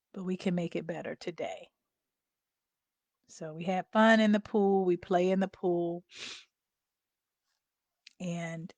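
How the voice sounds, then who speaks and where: A woman's voice: lowish voice, no room sound. Candid middle-aged woman, dry close sound. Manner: candid, conversational, addresses viewers as y'all. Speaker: family caregiver. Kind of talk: personal storytelling vlog.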